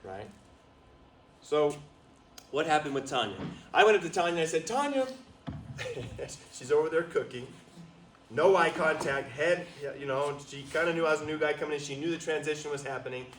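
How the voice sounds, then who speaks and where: A man giving a lively storytelling talk as a motivational speaker, drawing answers from a small live audience. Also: on the high side, fairly quick, reverberant, far from the mic, a little hiss or hum, rough recording. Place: retreat meeting room with a small audience.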